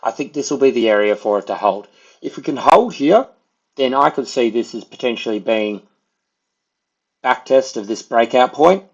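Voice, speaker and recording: A man's voice: mid-range voice, expressive, moderate pace, husky. A man casually walking through price charts as a market analyst, loose and conversational, with plenty of filler words. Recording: dull lo-fi audio.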